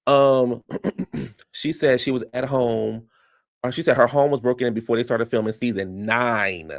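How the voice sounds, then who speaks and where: Gravelly man recapping reality TV. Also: medium pitch, fairly even intonation, moderate pace. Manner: chatty, incredulous, rhetorical questions. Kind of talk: casual commentary vlog.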